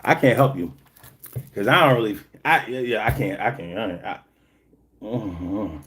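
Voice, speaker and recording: A man hosting a casual livestream, reading chat and telling joking, profane stories. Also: unhurried. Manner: animated, swings high when telling stories.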